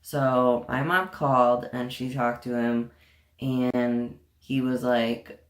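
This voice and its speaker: A woman's voice: very deep voice, steady tone, slow. A young woman telling a storytime vlog in a casual, profane and indignant way, full of sarcasm. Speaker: vlogger. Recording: echoey room.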